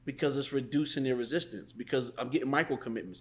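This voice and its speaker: A man in a mid-range voice talks as a guest on a casual podcast. He explains his sales tactics by voicing both the customer and the salesperson. His delivery is animated and conversational. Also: mid-range voice, quick pace. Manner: animated, acts out sales calls in different voices. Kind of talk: casual interview chat.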